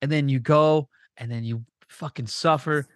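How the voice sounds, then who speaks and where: His voice runs on the high side as he hosts a podcast, swearing freely in easygoing talk with a guest. He moves through stories quickly and animatedly, performing the quoted lines. The studio-quality audio has no room sound.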